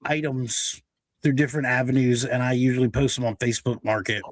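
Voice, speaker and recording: A man's voice: medium pitch, steady tone, a little fast. A man on a pop culture panel who speaks a little hesitantly and sheepishly. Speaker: podcast panelist. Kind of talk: casual chat.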